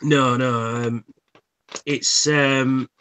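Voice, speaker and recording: A man hosts a casual livestream chat, his medium-pitched voice steady, very slow, a bit bright, clear and resonant. He rambles through anecdotes, swearing freely and restarting his sentences again and again.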